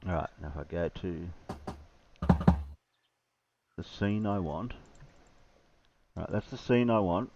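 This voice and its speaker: A man hosting a live stream, chatting casually and muttering hesitantly while he works his stream software. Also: low voice, measured pace, heavy background noise. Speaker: livestream host. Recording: distant muffled mic.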